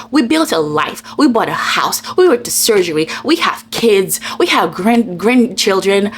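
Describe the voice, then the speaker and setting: Animated chatty woman book vlogger. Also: a little high, slight background noise. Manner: animated, gushing, acts out her own reactions; many fillers like "like". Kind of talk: casual chatty vlog review.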